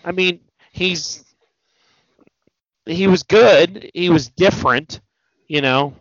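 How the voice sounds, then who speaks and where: A man with a fairly high voice holds forth in casual, animated chat, swearing often and dropping into mock voices as he quotes movie lines. The recording is dry and close, with a dull, low-fidelity sound. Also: slow pace, no room sound. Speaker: podcast host.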